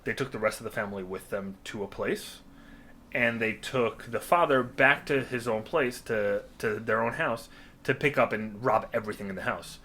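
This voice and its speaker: A man's voice: lowish voice, moderate pace, slight background noise. A man hosting a podcast, telling stories at ease and asking curious questions. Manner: relaxed storyteller, curious questions. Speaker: podcast host. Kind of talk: casual podcast chat.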